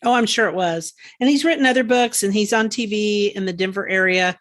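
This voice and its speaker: A woman co-hosting a gardening podcast, chatting casually and enthusiastically, quick to laugh. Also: mid-range voice. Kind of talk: casual chat.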